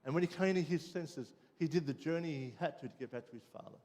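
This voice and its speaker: Australian pastor telling a lively story. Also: male voice, fast. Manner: lively storytelling, dropping low and quiet for the lesson. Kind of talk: sermon with personal story. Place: church.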